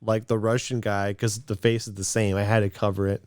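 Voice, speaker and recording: A man's voice: on the low side, flat delivery, a little mellow, clean tone, no room sound, clean studio sound. A man co-hosting a podcast in casual chat, telling stories and laughing often. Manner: laughs often, quick storytelling. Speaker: podcast co-host.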